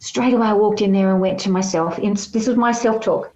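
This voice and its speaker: A woman talks warmly and at length, a healer telling her story as an interview guest. Her voice sits mid-pitch and sounds roomy, with a slightly muffled, lo-fi quality to the recording. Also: fairly even intonation, fairly quick, few pauses. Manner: chatty, storytelling with acted quotes. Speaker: holistic healer, podcast guest. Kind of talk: casual interview chat.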